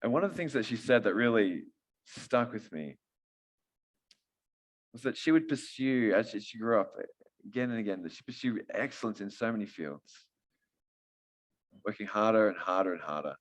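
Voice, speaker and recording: Aussie guy giving a sermon, super deep low voice, chatty and jokey. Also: expressive, normal speed, long pauses. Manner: joking, conversational. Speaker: preacher.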